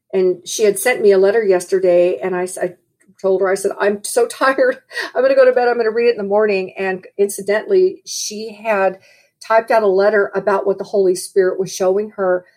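A woman speaks earnestly as a Christian speaker sharing a testimony. Her voice sits at an ordinary middle pitch. She tells the story with steady emphasis.

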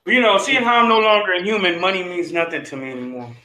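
A man's voice: sits high, quick pace, pushed and bright, reverberant. A man hosting a podcast in casual chat, joking and teasing and laughing often. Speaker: podcast host.

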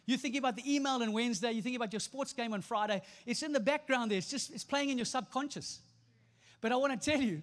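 Man, pastor, high voice, emphatic preaching, repeats phrases, long reverb. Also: fast. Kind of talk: sermon. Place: church stage before a congregation.

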